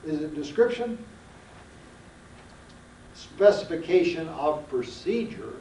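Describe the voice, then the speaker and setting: A man lectures a seminar in a folksy, emphatic way and keeps firing questions at the class. His voice sits a little high but sounds mellow and soft-edged. He is caught from well back in an echoing classroom on an old archival tape. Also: recorded from a distance, slight background noise. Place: lecture room.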